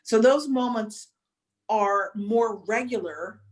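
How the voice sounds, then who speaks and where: A woman guest telling a personal story in a halting, searching way, pausing and restarting, close to tears. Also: on the high side. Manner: halting, many restarts and fillers, emotional. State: near tears. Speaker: podcast guest. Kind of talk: reflective storytelling.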